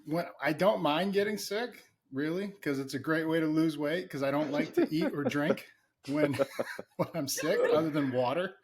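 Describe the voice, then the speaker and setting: Animated, profane male co-host. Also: a little high, normal speed. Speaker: co-host, former football player. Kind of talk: casual podcast chat.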